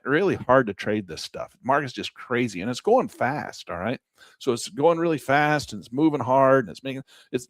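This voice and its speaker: A man teaching day trading over a chart in a folksy, excitable way, with a dry close mic. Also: mid-range voice, dry recording. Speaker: trading instructor. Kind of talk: screen-share trading lesson.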